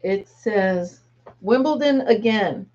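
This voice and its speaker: A woman's voice: medium pitch, animated, slow, darkish tone, lo-fi sound. A woman in her fifties, a grandmother, hosting a casual live chat with viewers, rambling and laughing often. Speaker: livestream host.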